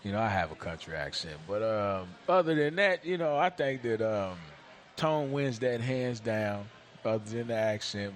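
Man, easygoing guest chatter, slight background noise. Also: mid-range voice. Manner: relaxed, repeats "you know" often. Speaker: football player guest. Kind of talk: casual chat.

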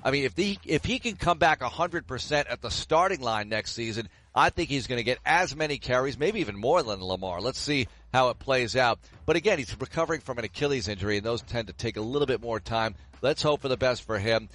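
A man's voice: mid-range voice, animated, fairly quick, hardly any pauses, a bit bright. A middle-aged man hosting a sports show, answering listener questions in a chatty, rambling way with side remarks. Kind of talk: casual sports talk.

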